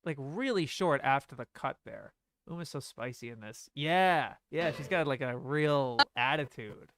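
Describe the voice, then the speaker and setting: Animated young man doing stream commentary. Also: mid-range voice, unhurried. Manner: animated, laughing, quotes lines aloud. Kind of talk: casual film-commentary stream.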